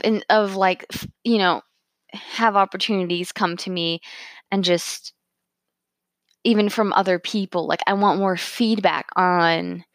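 A woman's voice: mid-range voice, dry recording. Chatty woman with a dry close sound. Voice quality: chatty, many fillers, quoting herself in asides. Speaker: speaker reflecting on a Bible verse. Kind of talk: casual personal talk.

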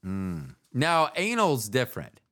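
A man's voice: medium pitch, wildly swooping pitch, takes it slowly, fairly bright tone. A man hosting a podcast, telling jokes and rambling in casual chat, often trailing off mid-sentence. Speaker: podcast host.

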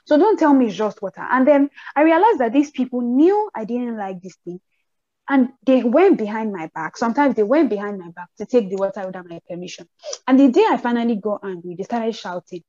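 A young Nigerian woman with a Nigerian accent chatting casually, telling animated stories and acting out the people she quotes in raised voices. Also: on the high side, brisk, no room sound, dull audio. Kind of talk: casual chat.

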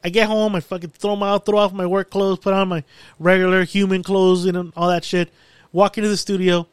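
High, smooth-voiced man telling a story. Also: fairly quick, dry recording. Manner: animated, swears often, retells his own quotes. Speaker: podcast host. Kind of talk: casual storytelling monologue. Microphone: studio mic.

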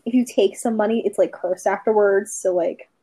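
A woman's voice: medium pitch, steady tone, moderate pace, warm tone, slightly rough, low-quality recording. A woman casually chatting on a podcast, rambling with lots of filler words. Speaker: podcast co-host. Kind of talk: casual chat.

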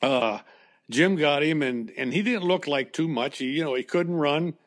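A man's voice: a little high, normal speed. An older man, a former baseball coach, telling a personal story in an interview in a plainspoken, conversational way with fillers and restarts. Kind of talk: emotional storytelling in a podcast interview.

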